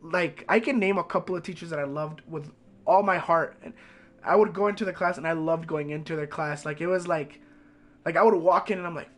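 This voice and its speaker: Young male streamer, high voice, casual and profane. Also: quick pace. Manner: rambling, profane storytelling. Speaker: game streamer.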